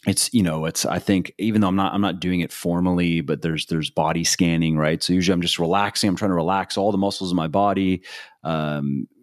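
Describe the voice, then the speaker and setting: A man hosting a podcast, talking in a relaxed, hesitant way with many fillers. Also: low-pitched, brisk, no room sound, studio quality. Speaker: podcast host. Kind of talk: podcast conversation.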